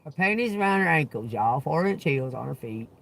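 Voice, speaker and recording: A man hosting a live stream, telling a story to viewers in a profane, animated way and acting out the voices. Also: fairly high pitch, brisk, gravelly, no echo. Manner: animated, profane, laughs often, acts out voices.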